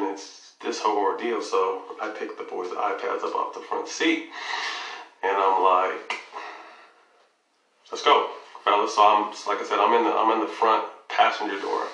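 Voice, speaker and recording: A man's voice: on the low side, normal speed, echoey room, far from the mic, poor audio. A man casually telling a long personal story, swearing freely and acting out the dialogue. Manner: profane, animated retelling with quoted dialogue. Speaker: guest telling his story.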